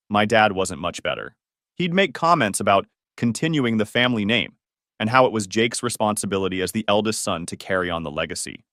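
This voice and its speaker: Lively, wry male story narrator. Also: on the low side, no echo, studio quality. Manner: conversational with wry, sarcastic asides. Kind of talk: scripted first-person story narration.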